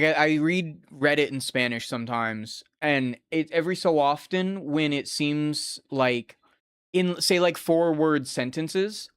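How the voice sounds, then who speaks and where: A man's voice: fairly high pitch, fairly bright tone, clean tone, no echo, clean studio sound. A young man who speaks English natively, casually talking over a fighting game as a streamer, rambling and swearing freely. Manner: profane, rambling, chatty. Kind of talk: casual gameplay commentary.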